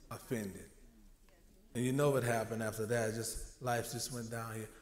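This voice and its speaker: A man's voice: mid-range voice, measured pace. Emotional preaching man in an echoey church. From New Orleans. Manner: emotional, conversational preaching with dramatic quotes. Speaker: minister. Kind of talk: sermon.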